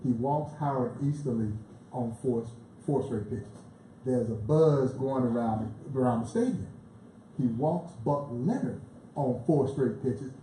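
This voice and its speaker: A man, a museum president, telling lively baseball stories as a guest at a live panel, chuckling as he goes. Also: medium pitch, measured pace. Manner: animated storyteller who chuckles through his tales. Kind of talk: lively anecdotal storytelling on stage. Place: live event in a bar venue. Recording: echoey live venue, faint background noise.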